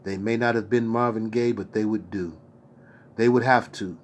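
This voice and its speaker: A man reading a memoir aloud in a steady voice, now and then stopping for slangy asides. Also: lowish voice, moderate pace, a little hiss or hum. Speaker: reader.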